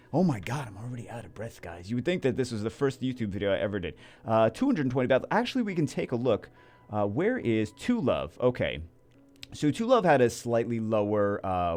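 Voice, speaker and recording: A man giving casual game commentary as a YouTuber, rambling and excitable with many restarts. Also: fairly low pitch. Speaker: gaming YouTuber.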